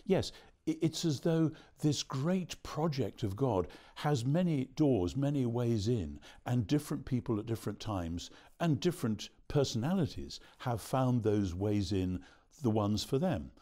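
A man being interviewed as a theologian, answering at length in a measured, explanatory way. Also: medium pitch, lively intonation, warm tone. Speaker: theologian guest.

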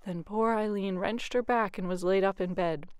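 Woman, bedtime storyteller, expressive with hushed stretches, dry sound. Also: mid-range voice, moderate pace, clean tone, no echo. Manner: expressive, often hushed narration. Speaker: youth ministry coordinator.

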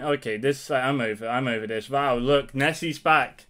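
A man's voice: mid-range voice, normal speed, few pauses, fairly bright tone. A man reacting live to card game news, exasperated and angry, swearing heavily. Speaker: card game content creator.

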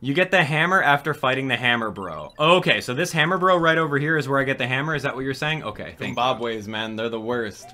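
A young man hosting a gaming channel, giving excitable, jokey live commentary and reading out and answering viewers' chat as he plays. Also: mid-range voice, quick pace, few pauses.

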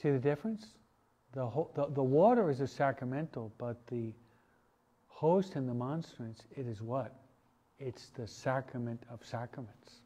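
A man, a priest, teaching a parish catechesis class in a relaxed, conversational way, asking his listeners questions. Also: mid-range voice, normal speed, slightly rough. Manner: conversational, asks the audience questions, many restarts and asides. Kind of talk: informal parish teaching talk.

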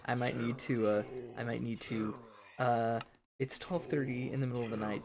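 Late at night at home, a man hosts a let's play, muttering to himself in exasperation as he games. His medium-pitched voice stays steady at a moderate pace, with a crowd audible in the background. The recording is noisy and picks up keyboard clicks.

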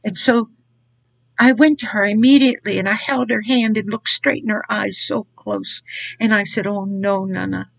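An older woman tells her faith testimony in an earnest, repetitive way, circling back over her words. Her voice is gravelly and husky. The sound is dry and close. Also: medium pitch, fairly even intonation, moderate pace, no echo, poor audio. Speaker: Christian speaker. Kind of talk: personal testimony.

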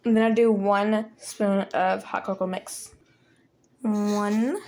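A woman's voice: medium pitch, little pitch movement, slow pace, noisy background. A young woman making coffee at home, chatting casually and self-consciously in a giggly, rambling way. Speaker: vlogger. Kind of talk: casual kitchen vlog chat. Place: home kitchen, indoors.

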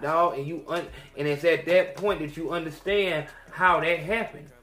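Man, young, crude podcast rant; higher voice, echoey room, faint music. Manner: profane, animated, swings between loud outbursts and mutters. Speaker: podcast host.

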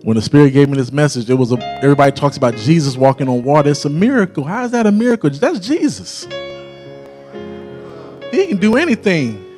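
A man preaching a sermon in a church, rising into a shouted, chanted whooping cadence and drawn-out phrasing. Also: a little high, big pitch swings, faint music behind. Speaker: pastor. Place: church sanctuary.

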